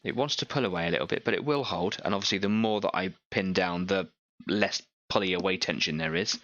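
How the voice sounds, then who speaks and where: A man's voice: sits low, fast, a bit bright, highs cut off, slight background noise. A man hosting an online painting stream, chatting casually and explaining each step while he works on a model. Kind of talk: casual chat while working.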